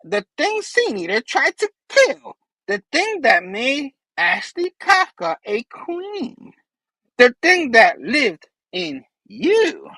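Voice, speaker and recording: A man doing a cackling goblin villain who taunts his enemy, pitched far above his normal voice, and swoops up and down in long, drawn-out lines. The sound is dry and close, with no room around it. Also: wildly swooping pitch, sharp tone, no echo, exaggerated voice. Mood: taunting. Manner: mocking, drawn-out menacing delivery. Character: gleeful taunting male supervillain goblin.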